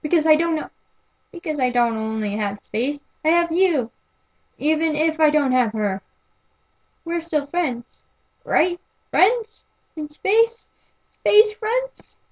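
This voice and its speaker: A woman voicing an excitable young male robot sphere obsessed with space, talking high and eager. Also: slow, long pauses, poor audio. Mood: hopeful, excited.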